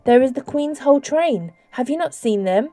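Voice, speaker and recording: A desperate young nurse pleads in a raised, urgent voice, as a woman reads her. Her tone stays mellow and the sound is dry and close. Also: sits high, lively intonation, normal speed, no echo, soft background music, pitched above the performer's own voice. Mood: pleading. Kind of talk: audiobook character voice.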